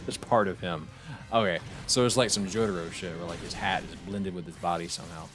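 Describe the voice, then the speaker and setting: Low-voiced, profane gaming streamer man. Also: brisk, music in the background. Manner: profane, excitable reactions with frequent restarts. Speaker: streamer playing a video game. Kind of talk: casual let's-play commentary.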